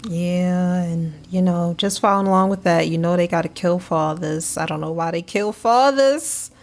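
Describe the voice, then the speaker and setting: A woman co-hosting a casual podcast, relaxed and laughing often as she hunts for the right word. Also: on the low side, normal speed. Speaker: podcast co-host. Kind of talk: casual chat.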